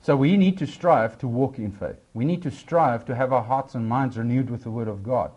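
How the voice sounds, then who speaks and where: A man delivers a sermon at a middle pitch. He swings between raised, emphatic lines and low, quieter asides. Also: normal speed, slightly rough, lo-fi sound. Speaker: preacher.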